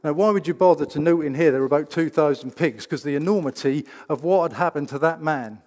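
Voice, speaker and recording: A man's voice: a little high, fast talker, darkish tone. A man preaching a sermon in a church, emphatic and full of rhetorical questions. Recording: reverberant church hall.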